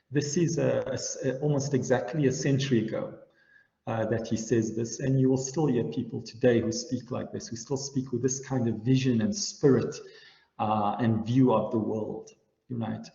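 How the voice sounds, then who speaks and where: A man's voice: medium pitch, moderate pace, creaky, dark tone. A man giving a university lecture, explaining ideas step by step and often checking in with his listeners with "right?". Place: lecture hall. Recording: echoey hall, dull lo-fi sound.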